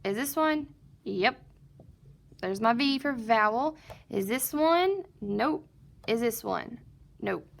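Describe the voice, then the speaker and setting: In a recorded first-grade phonics lesson, a woman patiently breaks words into parts at a slow pace, asking questions and then answering them. She speaks at a fairly high pitch, expressively, with some vocal fry.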